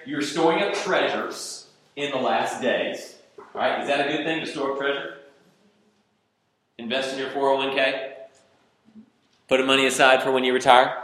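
A man preaching a sermon, questioning the congregation and swinging from loud outbursts to hushed delivery. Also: mid-range voice. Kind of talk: interactive sermon. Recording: roomy reverberant hall.

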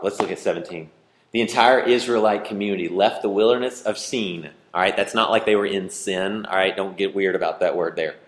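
A man preaching a sermon as pastor, animated and playful, with joking asides to his congregation. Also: deep voice, roomy sound.

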